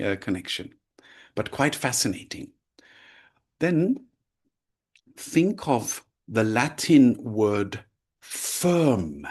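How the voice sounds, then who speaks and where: Lively, husky-voiced male teacher. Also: mid-range voice. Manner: lively, explaining with frequent "right?" and "yeah?". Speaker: language teacher. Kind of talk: lecture.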